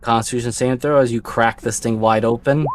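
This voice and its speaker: A man narrating as game master of a tabletop role-playing game, relaxed and at times slow and descriptive. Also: medium pitch.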